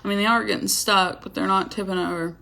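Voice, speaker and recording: A young woman tells a story the casual way, chatting along with plenty of drama. Her pitch sits in an ordinary middle range for a woman. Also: steady tone, fast, creaky, pushed and bright, slight background noise. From Georgia, USA. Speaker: vlogger.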